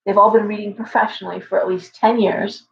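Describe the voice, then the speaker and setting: A woman's voice: medium pitch, fairly even intonation, vocal fry, a bit bright. A woman who owns a shop, hosting a live stream and telling stories in a rambling way, often stopping and starting over. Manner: rambling, storytelling with halting restarts. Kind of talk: casual livestream chat. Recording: dull lo-fi stream audio.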